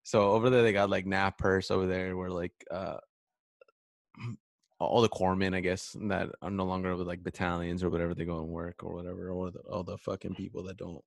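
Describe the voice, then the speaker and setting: A laid-back man with a very deep, gravelly voice spins a profane, joking story for a podcast. The sound is close and dry, and he chuckles often as he talks. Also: level tone, brisk, no echo. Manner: laid-back, swears often, laughs while telling stories. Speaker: podcast co-host, Navy corpsman veteran. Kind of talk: casual profane storytelling chat.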